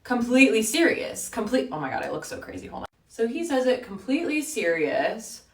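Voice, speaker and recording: A young woman in her twenties telling a storytime while getting ready, chatty and animated, full of "like". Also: a little high, a little fast, reverberant, far from the mic. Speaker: vlogger.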